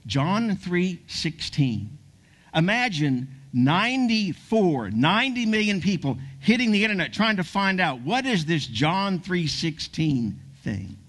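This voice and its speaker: A man preaching a sermon, telling a story with animation and dropping to a hushed near-whisper to stress key points. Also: high-pitched, very animated, measured pace, few pauses. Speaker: pastor.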